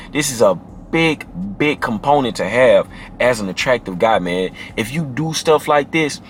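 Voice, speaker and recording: A man giving casual dating advice to camera, emphatic and slangy, who drops into a deep low voice to demonstrate. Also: a bit bright, slight background noise. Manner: emphatic and slangy, often adds "man" and "you feel me".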